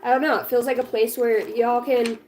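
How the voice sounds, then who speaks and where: A woman with a lilt gives a loose, chatty tarot reading to her viewers from home. She's blunt and swears freely, pushing the listener on with fond, insistent encouragement. Her voice sits a little high for a woman. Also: little pitch movement, brisk, noisy background. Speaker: tarot reader. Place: home with her small child nearby.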